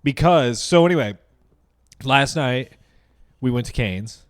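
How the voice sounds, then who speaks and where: A man's voice: medium pitch, expressive, unhurried, dry recording, clean studio sound. A man co-hosting a podcast, telling a story in a rambling, joking way. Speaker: podcast co-host. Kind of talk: casual chat.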